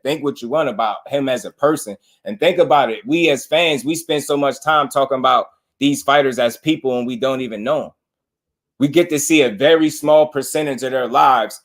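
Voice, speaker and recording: A New man hosts a casual boxing stream, talking straight to his viewers. He laughs easily as he goes. When he mocks his critics, he slips into teasing impressions of them. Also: medium pitch. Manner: laughs often, talks straight to chat; mocks critics in exaggerated voices. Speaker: boxing commentator and channel host. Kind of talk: casual live-stream commentary.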